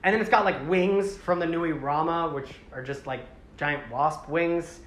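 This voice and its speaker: A woman giving a rambling, animated casual talk to a live audience, often slipping into character voices. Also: sits low, unhurried, roomy sound. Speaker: presenter.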